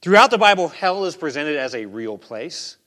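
A man preaching a sermon in a conversational way, dropping to quiet asides and rising to loud emphasis. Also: a little high, big pitch swings, moderate pace. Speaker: pastor.

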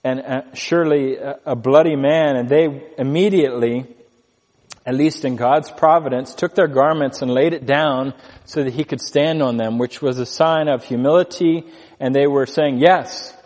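Deliberate preacher with hall reverb. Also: male voice, medium pitch, steady tone, a little mellow. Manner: slow, deliberate reading of scripture with emphatic pauses. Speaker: pastor. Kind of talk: expository sermon.

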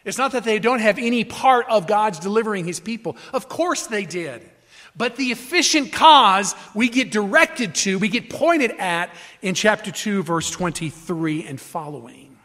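A man's voice: high-pitched, expressive, normal speed, pushed and bright. A man preaching a teaching sermon, explaining Scripture with emphatic, repeated phrases and frequent restarts. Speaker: pastor.

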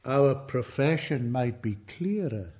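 A man preaching a sermon, slow and emphatic, his voice rising in force on key words and falling away at the ends of sentences. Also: medium pitch, expressive, darkish tone. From United Kingdom.

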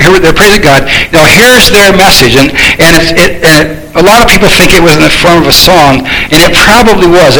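A man preaching a sermon, emphatic, repeating words and rising to shouts on key points. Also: a little high, poor audio.

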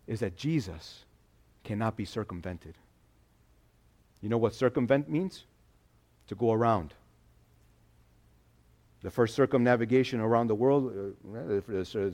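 A man preaching a sermon in a conversational, animated way, acting out quotes as he goes. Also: mid-range voice, moderate pace. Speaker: pastor.

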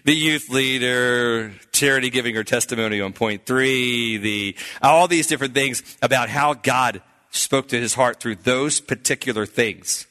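A pastor with a bright, forceful voice recounts a conversion story. He tells it with lively, animated energy and acts out the voices of the people he quotes. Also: medium pitch, normal speed. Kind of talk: storytelling testimony.

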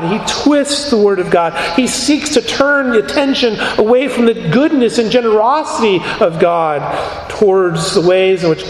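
A man preaching an expository sermon, teaching in an earnest, measured way with emphatic pauses. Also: high-pitched, roomy sound, big-room sound, a little hiss or hum, low-quality recording.

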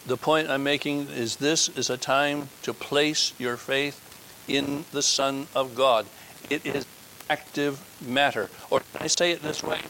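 Fervent preacher man, fairly high voice. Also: sharp tone, slight background noise, low-quality recording. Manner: emphatic, repeats key phrases; builds to fervent exhortation. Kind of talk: communion sermon.

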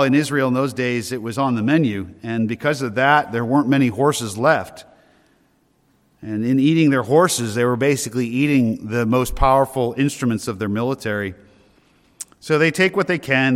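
A man preaching a sermon in an earnest way, slowing down to stress key words. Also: mid-range voice. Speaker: pastor. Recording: hall reverb.

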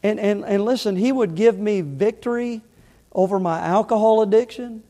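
A middle-aged male pastor preaching a sermon in church, impassioned, rising loud and falling soft. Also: high voice, normal speed, long reverb tail. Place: church sanctuary.

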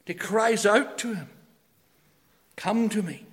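A man preaching a sermon, emphatic, swinging between loud declarations and hushed phrases. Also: high voice, takes it slowly. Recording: long hall reverb.

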